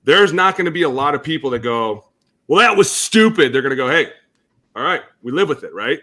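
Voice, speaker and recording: A blunt former lineman co-hosts a football podcast. He talks in a bright, forceful voice at a middle pitch. He acts out players and coaches in lively bursts. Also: fast talker. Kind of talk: casual sports talk.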